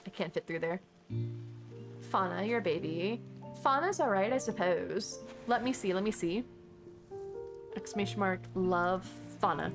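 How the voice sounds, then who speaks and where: A woman streaming a game and chatting casually, rambling along with sudden excited exclamations. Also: mid-range voice, moderate pace. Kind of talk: casual gameplay chat. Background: chill background music.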